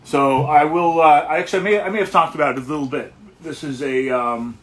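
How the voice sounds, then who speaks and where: A man hosting a casual livestream as a guitarist, talking in a relaxed, rambling way and greeting viewers one by one. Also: fairly high pitch, a little fast.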